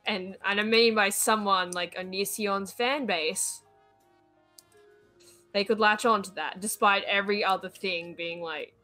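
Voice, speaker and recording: A woman's voice: mid-range voice, steady tone, measured pace, sharp tone, faint music behind. A woman co-hosting a casual chat, talking in a chatty way with lots of filler words. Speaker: co-host.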